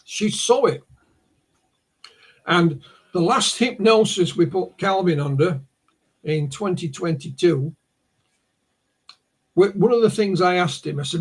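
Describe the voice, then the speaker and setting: Guesting on a podcast, a researcher from the north of England narrates a case like a story, often starting his words over. He has a husky voice that sits high.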